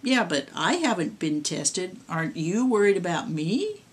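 A woman reading the part of a female ghoul who poses as a wary young woman, in a calm, matter-of-fact voice. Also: lowish voice, unhurried, breathy edge, exaggerated voice.

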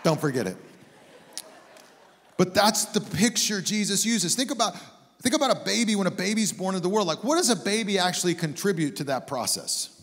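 A man's voice: sits high, lively intonation, brisk, fairly bright tone. A man preaching a sermon as a guest pastor, telling stories in a conversational, joking way. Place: church sanctuary. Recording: long hall reverb.

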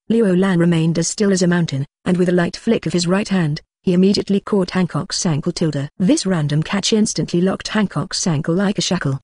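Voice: medium pitch, breathy edge, no room sound, studio quality. Text-to-speech narrator reading punctuation aloud. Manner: flat machine reading that voices punctuation marks aloud. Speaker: audiobook narrator. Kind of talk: synthetic audiobook narration.

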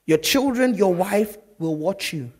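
Lively preaching man, higher voice. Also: a little slow. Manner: lively storytelling preacher, swinging from loud to hushed. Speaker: pastor. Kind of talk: sermon.

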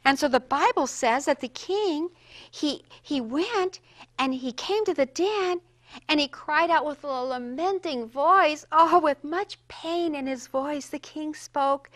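Woman storyteller for children, high voice, unhurried delivery, dramatic hushes and exclamations, talks right to the kids. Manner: animated, swings from whispers to loud exclaims; addresses kids directly.

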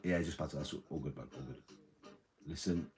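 A man's voice: very deep voice, steady tone, moderate pace, a little mellow. A man hosting a livestream, rambling casually, reading chat and swearing freely.

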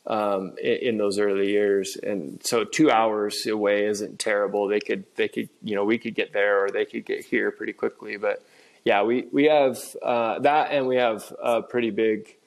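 A man from Washington state, a guest on a podcast, talking in an earnest, reflective way and often pausing to find his words over a remote recording setup. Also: on the low side, fairly even intonation, vocal fry. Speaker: podcast guest, father of an autistic son. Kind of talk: conversational interview.

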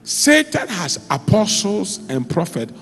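A man preaching a sermon as a pastor, telling stories with sudden jumps in pitch and loudness. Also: slow pace, long reverb tail. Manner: animated storytelling, with sudden jumps in pitch and volume. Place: church.

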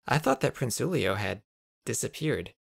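A man's voice: mid-range voice, sing-song, moderate pace, gravelly, no echo, clean studio sound, pitched above the performer's own voice, heavily acted. A man voicing a weary, impatient young traveler in a raised, strained tone. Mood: bored.

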